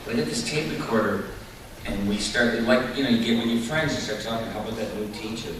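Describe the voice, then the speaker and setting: A man on a convention panel, telling animated stories and slipping into silly voices, recorded from far off in an echoey hall. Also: mid-range voice, brisk, background noise. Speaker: voice actor panelist. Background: audience crowd.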